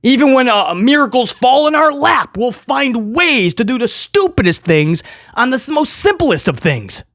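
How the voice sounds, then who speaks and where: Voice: sits high, sing-song, normal speed, fairly bright tone, dry recording, studio quality. A football fan giving a casual, sarcastic game review monologue as the show's host. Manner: sarcastic, joking and exasperated.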